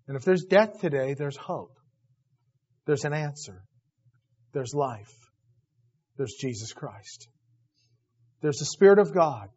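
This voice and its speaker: A man preaching a sermon, telling stories with lively acted-out voices. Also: a little high, husky. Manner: animated storytelling, acts out voices. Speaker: pastor. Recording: dull lo-fi recording.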